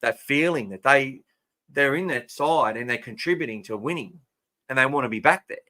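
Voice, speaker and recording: Bright-voiced Australian man chatting. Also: medium pitch, normal speed. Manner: chatty, reads out and answers listener comments. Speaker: podcast host. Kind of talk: casual fan podcast chat.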